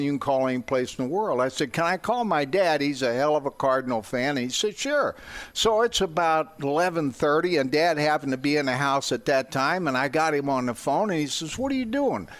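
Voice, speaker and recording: An older man from the St. Louis area, a radio guest telling a personal anecdote with animated quoted voices. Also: a little high. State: gets emotional. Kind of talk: anecdote on a sports talk radio show.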